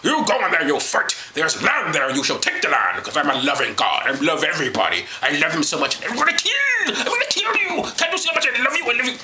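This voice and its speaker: A man's voice: a little high, very animated, fast, hardly any pauses, reverberant, over a noisy crowd. A man putting on a mocking voice for a boastful, vengeful male God who swears and bullies his people. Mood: mock-loving, menacing. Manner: mocking, bombastic, profane.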